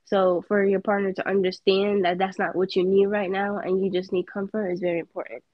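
Young woman podcast co-host: relaxed, agreeable, slangy; dull lo-fi sound. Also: mid-range voice, fairly quick, no echo. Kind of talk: casual chat.

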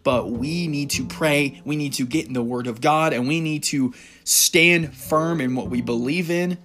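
A man's voice: a little high, unhurried, fairly bright tone. A man giving an informal devotional talk, reading Bible verses and rambling a little as he laughs at himself. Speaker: Christian encouragement speaker.

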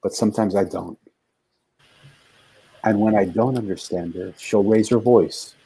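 A man's voice: lowish voice, unhurried, mellow, breathy edge, low-quality recording. An older man, a guest author, telling a heartfelt story in an interview with earnest, building intensity.

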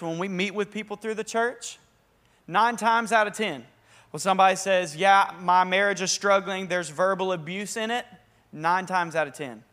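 A young man preaching a sermon as a pastor, conversational and energetic with bursts of emphasis. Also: sits high.

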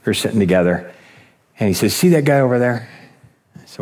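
A middle-aged man giving a conference talk, telling lively stories and acting out voices, with many restarts. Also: fairly low pitch, fast. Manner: animated storytelling, acts out voices, many restarts. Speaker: conference speaker. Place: conference hall. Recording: long hall reverb.

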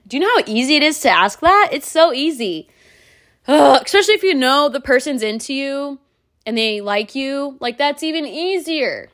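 A woman's voice: high-pitched, animated, fairly quick, a bit bright. A woman in her thirties hosting a solo podcast, talking bluntly and candidly straight to the listener. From United States. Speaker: podcast host.

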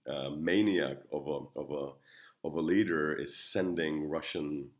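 Middle-aged Czech-accented male commentator, extremely low voice, earnest and halting delivery. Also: steady tone. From Czech Republic. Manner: earnest, halting, with frequent restarts. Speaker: lecturer and commentator. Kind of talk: reflective spoken commentary.

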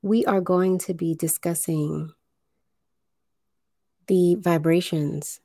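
A woman hosting a spiritual livestream, speaking deliberately, enunciating carefully and guiding listeners through breathing. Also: on the low side, steady tone, mellow, dry recording, clean studio sound. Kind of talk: slow spiritual livestream talk.

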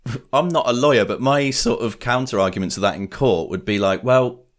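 A man's voice: lowish voice, brisk. A man co-hosting a podcast in casual chat, wry and jokey, slipping into hammy quoted voices. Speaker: podcast co-host.

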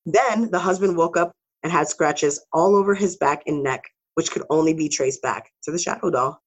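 A woman's voice: low-pitched, normal speed, breathy edge, low-quality recording. A woman co-hosting a podcast, reading spooky stories aloud with casual asides and some swearing. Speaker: podcast co-host. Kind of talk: casual storytelling.

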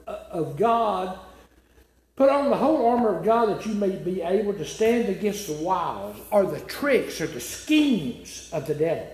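A man's voice: sits high, a little mellow. A man preaching a sermon, emphatic and repetitive, asking his listeners rhetorical questions. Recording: echoey room.

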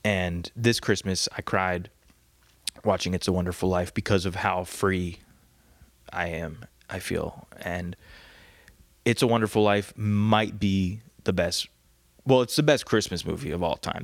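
A man with a low, gravelly voice hosts a casual solo podcast, rambling and crude, often laughing at his own jokes. His voice is recorded close and dry, with no room sound around it. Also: unhurried, dry recording. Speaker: podcast host. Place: home, on a couch.

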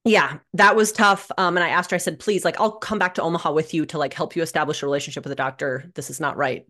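A young adult woman telling a personal story as a podcast guest, animated and sardonic, swearing freely. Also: low-pitched, fast. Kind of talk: candid conversational storytelling. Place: living in Minnesota.

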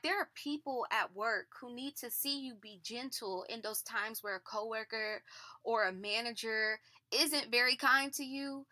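A woman hosting a devotional podcast, reading scripture and reflecting on it in an expressive, conversational way that keeps calling listeners "y'all.". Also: fairly high pitch, no room sound.

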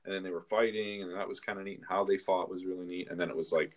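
A man's voice: sits low, steady tone, fast. A Canadian man hosting a casual podcast, rambling through stories with filler words. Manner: rambling, many fillers and restarts, chuckles. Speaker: podcast host. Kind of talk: casual chat.

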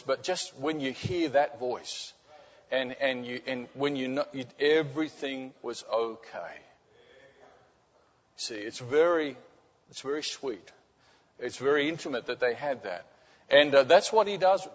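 A man delivers a sermon with a somewhat high voice, telling a story in an animated, stop-and-start way. His voice carries a long reverb from a large hall. The sound is a bit dull and muffled. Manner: animated storytelling, many restarts, drops to soft intimate tones. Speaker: pastor.

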